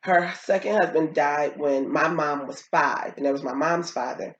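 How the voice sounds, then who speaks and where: A woman co-hosting a casual talk show, telling family stories and acting out quotes in a higher voice. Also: moderate pace. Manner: animated, acts out quotes in a high voice. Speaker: co-host. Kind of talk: casual storytelling chat. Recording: roomy, dull lo-fi sound.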